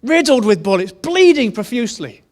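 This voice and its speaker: A man's voice: very high voice, sing-song, moderate pace. A man preaching a sermon, telling a story in an earnest way and repeating key phrases. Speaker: pastor.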